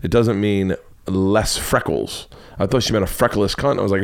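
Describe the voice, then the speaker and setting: This is a podcast host, a middle-aged man with a lowish, creaky voice at normal speed. He rambles through stories in an animated, profane, loosely comedic monologue.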